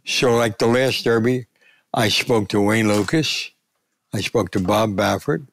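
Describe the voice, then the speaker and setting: A man in his nineties, a veteran sports columnist, telling lively anecdotes in an interview. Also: on the low side, unhurried, creaky, a little hiss or hum. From United States. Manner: animated anecdote telling, voice rising for punchlines. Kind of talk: storytelling interview.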